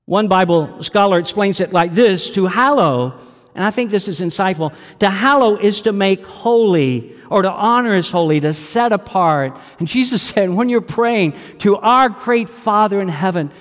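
A man's voice: sits high, expressive, normal speed, big-room sound. A male pastor delivering a sermon, telling a story and asking his listeners questions. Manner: storytelling, asks the audience questions.

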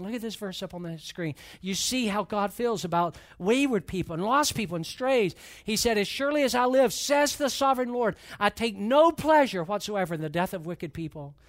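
A man preaching a sermon as pastor, reading and retelling a story with rising, emphatic intensity. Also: high voice. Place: church.

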